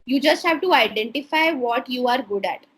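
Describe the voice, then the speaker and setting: An Indian woman in her thirties, a stem cell researcher, talking earnestly in an interview with many pauses and fillers. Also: high-pitched, lively intonation, a bit bright, slightly rough, poor audio. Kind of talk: casual interview talk.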